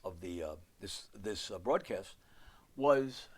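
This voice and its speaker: A man's voice: low-pitched, animated, slow. A man teaching piano in a live online lesson, counting beats and singing rhythm syllables as he explains, with rambling asides. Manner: counts and sings rhythms aloud while playing, rambling asides.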